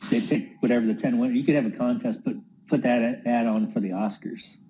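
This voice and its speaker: A man in casual group chat on an audio call, making suggestions in a hesitant, halting way. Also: mid-range voice. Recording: faint background noise.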